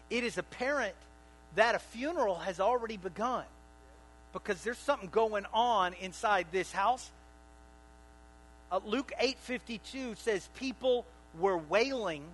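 A man preaching a sermon to a congregation. He swings between loud bursts and quiet asides, and keeps asking the room questions. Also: high voice, a little hiss or hum, rough recording. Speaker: pastor.

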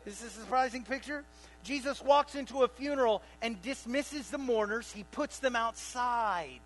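High-voiced man preaching with lively swings. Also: normal speed, soft background music, low-quality recording. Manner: animated preaching, rising to loud bursts and dropping to quiet asides; asks the congregation questions. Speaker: pastor. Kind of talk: sermon.

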